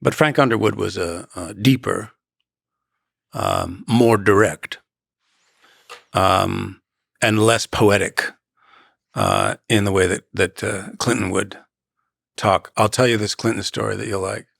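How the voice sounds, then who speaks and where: Low gravelly man telling stories. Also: lively intonation, fairly bright tone, no echo, clean studio sound. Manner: measured, halting, with dramatic pauses and quoted asides. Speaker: podcast guest, actor. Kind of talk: reflective interview storytelling.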